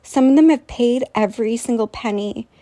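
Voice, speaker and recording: With a slightly high, warm voice at normal speed, this woman vlogs a long, meandering tale straight to camera. Scornful and incredulous, she keeps turning to ask her viewers questions.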